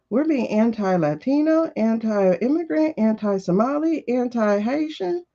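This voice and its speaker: A woman's voice: a little high, vocal fry, darkish tone. A woman hosting a live tarot show, talking casually and bluntly, firing off repeated rhetorical questions with profanity. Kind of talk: casual opinionated talk on a livestream. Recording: dull lo-fi livestream audio.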